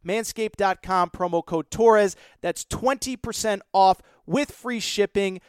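High, smooth-voiced man hyping a sponsor. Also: measured pace, no echo, studio quality. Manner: hyped, joking salesman patter. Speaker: podcast host. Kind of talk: host-read sponsor ad.

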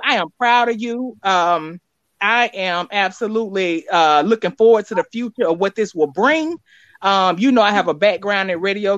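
A woman's voice: mid-range voice, no room sound, dull audio. A woman on a video call giving a rambling, heartfelt tribute as a sponsor, with repeated words and many fillers. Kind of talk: casual heartfelt speech.

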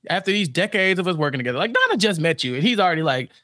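A man's voice: high-pitched, big pitch swings, racing, sharp tone, dry recording, studio quality. A man co-hosting a podcast, chatting casually and laughing as he acts out quotes in character voices. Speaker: podcast co-host. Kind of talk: casual recap chat.

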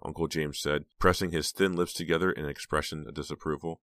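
Narrating an audiobook, a man keeps his delivery even and measured. His voice is very deep, captured in studio quality with no echo.

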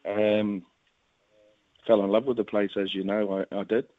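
A man's voice: lowish voice, level tone, normal speed, no room sound. A man from New Zealand with a Kiwi accent, a guest chatting and rambling happily on the radio by phone. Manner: chatty, rambling, laughs easily. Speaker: guest, rugby league club executive. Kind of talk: casual phone interview. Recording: tinny phone line.

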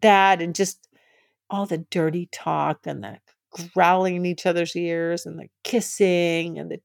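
A woman's voice: fairly low pitch, gravelly, a little mellow, dry recording, clean studio sound. A woman hosting a podcast, frankly telling a personal story, gushing and laughing often. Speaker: podcast host.

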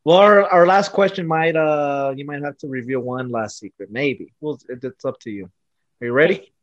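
A woman co-hosting a podcast with a very low voice and a blunt, swearing way of talking. The sound is dry and dull, like a lo-fi recording. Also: normal speed, dry recording. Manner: blunt, swears, laughs along. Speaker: podcast co-host. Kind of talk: casual chat.

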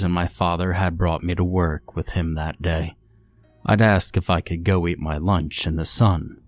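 A man with a very low, deep voice reads a creepy tale aloud. He keeps a calm, measured pace and lets each line settle before moving on. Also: dry recording. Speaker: narrator. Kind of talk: scripted horror story narration.

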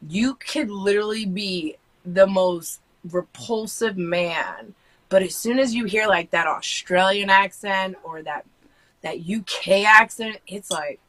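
American woman, podcast guest; bright, frank, rambling chatter. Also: mid-range voice, measured pace, low-quality recording. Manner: rambling, frank, many fillers and restarts. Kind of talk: casual chat.

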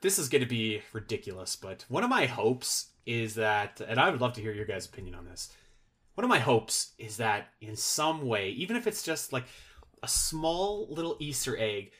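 A man's voice: mid-range voice, very animated, normal speed, fairly bright tone. A man chatting casually as a podcast guest, rambling and filling his sentences with "like" and restarts. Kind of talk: casual chat.

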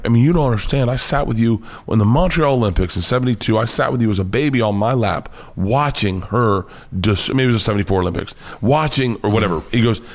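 A man with an American accent, a comedian guest telling animated, profane stories in an interview and acting out quoted voices. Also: fairly low pitch. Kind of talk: storytelling interview chat.

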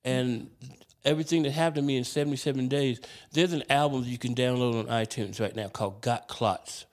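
Male comedian, guest; mid pitch, animated and candid storyteller, salty language. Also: brisk. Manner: animated, profane, self-deprecating. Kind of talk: casual podcast storytelling.

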